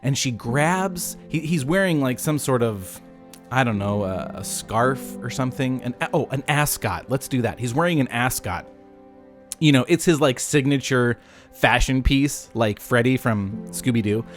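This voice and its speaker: A man's voice: mid-range voice, a little slow, soft background music. A man hosting a podcast, retelling a Bible story in a casual, jokey way and breaking off into asides. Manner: animated, jokey, self-interrupting. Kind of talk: casual retelling with acted voices.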